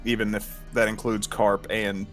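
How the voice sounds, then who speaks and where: Low-voiced, easygoing man gamer. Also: flat delivery, moderate pace, soft background music. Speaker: player. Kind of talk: casual tabletop role-play over voice chat.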